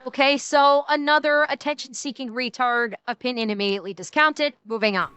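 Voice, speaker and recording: A woman's voice: high voice, fairly quick, sharp tone, smooth, highs cut off. A woman streamer giving blunt, heated, profane commentary while reacting to clips.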